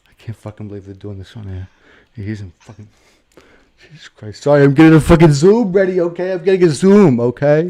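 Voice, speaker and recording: Man, game streamer host; excitable, swears a lot, over-the-top rants, mellow tone. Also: on the high side, brisk. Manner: excitable, profane, mock-dramatic rants. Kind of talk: casual livestream chat while gaming.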